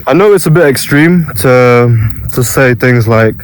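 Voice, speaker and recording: A man's voice: mid-range voice, lively intonation, drawn-out words, pauses often, a little hiss or hum, poor audio. A young man vlogging about self-improvement, telling a casual story with many restarts and quoted voices.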